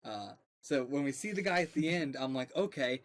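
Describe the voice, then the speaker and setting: A man's voice: medium pitch, expressive, brisk. A man hosting a casual reaction chat, rambling and thinking aloud as he talks. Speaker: reaction show host.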